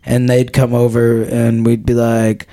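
A man's voice: mid-range voice, completely flat delivery, measured pace, dark tone. A young man telling a wild party story on a podcast, crude and laughing as he goes. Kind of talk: casual storytelling.

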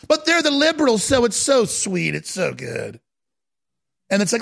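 Fiery male commentator with a raised, gravelly voice; urgent, repetitive rant. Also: sits high, expressive, moderate pace, a bit bright. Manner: ranting, urgent, repetitive and dramatic. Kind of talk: impassioned monologue.

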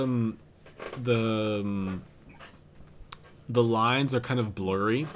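A man's voice: medium pitch, a little hiss or hum. A man co-hosting a podcast, chatting casually and thinking aloud with lots of fillers and restarts. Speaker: podcast co-host. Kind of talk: casual chat.

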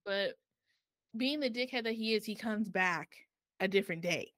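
A woman's voice: mid-range voice, normal speed, a bit bright, no echo. A woman co-hosting a book podcast, chatting casually and retelling a story with lots of quoted voices.

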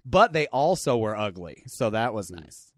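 A man with a slight lisp and a mixed Seattle and New York accent that comes out Midwestern, joking deadpan as a podcast guest. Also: on the low side, moderate pace, no echo. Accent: mixed Seattle and New York, heard as Midwestern. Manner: deadpan joking, laughs often. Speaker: guest comedian. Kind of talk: casual podcast chat.

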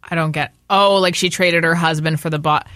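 Bright-voiced radio co-host woman. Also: low voice, fairly even intonation, brisk, no room sound, clean studio sound. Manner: upbeat, casual slang. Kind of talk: casual radio banter. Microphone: studio microphone.

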